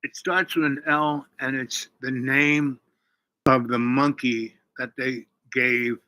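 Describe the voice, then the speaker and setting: Host type: rambling man recapping a film, very bright, tense voice, average pitch. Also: fairly even intonation, slow pace, no room sound, low-quality recording. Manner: rambling, full of "you know" and restarts. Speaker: channel host. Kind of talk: casual movie retelling.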